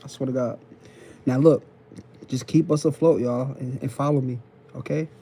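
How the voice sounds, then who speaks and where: A man's voice: mid-range voice, fairly even intonation, moderate pace, mellow, a little hiss or hum. A man hosting a phone live stream, lecturing viewers in casual slang and repeating each point while checking in with them. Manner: repetitive, preachy, keeps checking in with the audience. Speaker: TikTok live host.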